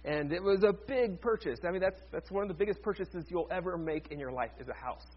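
A man's voice: sits high, lively intonation, quick pace, husky, lo-fi sound. A man, a pastor, preaching a sermon in a conversational way with joking asides to the congregation.

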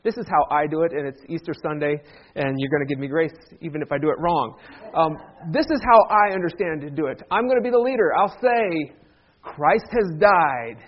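High-voiced man preaching with humor. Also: quick pace, lo-fi sound. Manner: joking, conversational, teaching with audience call-and-response. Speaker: pastor. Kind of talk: sermon. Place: church sanctuary.

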